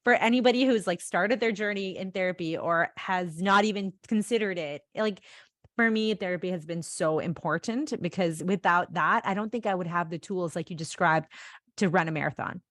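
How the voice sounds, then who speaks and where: Low-voiced woman podcast host, dry sound. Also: moderate pace, fairly bright tone, no room sound. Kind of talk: casual podcast conversation.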